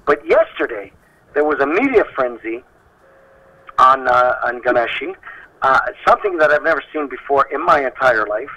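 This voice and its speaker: A man leads a heated panel discussion. His voice is bright and forceful, and it comes through a somewhat muffled, lo-fi recording. He speaks with emphasis and keeps restarting his sentences to drive his point home. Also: mid-range voice, very animated, moderate pace. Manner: emphatic, impassioned, many restarts. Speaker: talk show host. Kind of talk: opinionated panel talk.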